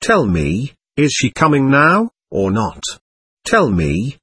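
A man's voice: medium pitch, huge pitch swings, takes it slowly, a bit bright, husky, dry recording, exaggerated voice. A man voicing a passionate, anguished young prisoner, speaking fervently and pleadingly.

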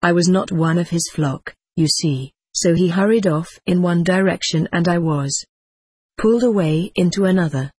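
Male memoir narrator, wry and dry delivery, husky voice, close and dry sound. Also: high voice, normal speed, darkish tone, dry recording. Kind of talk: first-person memoir narration.

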